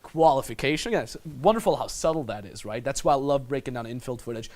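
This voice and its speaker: A man's voice: medium pitch, expressive, fast, a little mellow. A man working as a dating coach, talking casually and crudely as he breaks down footage in a voice-over lesson. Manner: crude, casual, mimics others in put-on voices.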